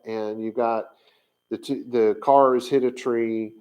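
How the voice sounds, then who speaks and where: A man giving an informal teaching talk on camera, thinking aloud with many pauses and fillers as he searches his notes. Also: mid-range voice, expressive, a little mellow, rough recording. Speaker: Bible language teacher.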